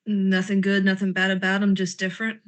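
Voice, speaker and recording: A woman's voice: medium pitch, monotone, brisk. Sarcastic, grumbling woman role-playing. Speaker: tabletop game player. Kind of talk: in-character role-play chat.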